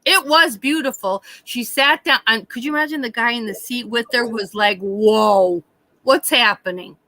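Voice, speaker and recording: A woman hosting a live stream, chatting casually and telling a story in an animated way, with frequent swearing. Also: a little high, moderate pace, dry recording. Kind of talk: casual chat.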